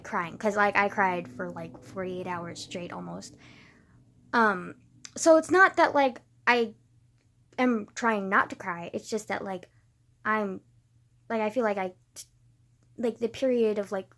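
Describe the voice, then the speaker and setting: A grieving woman in a casual confessional vlog, rambling with many filler words and swinging from quiet, subdued talk to loud emotional bursts. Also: medium pitch, a little slow, vocal fry. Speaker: vlogger.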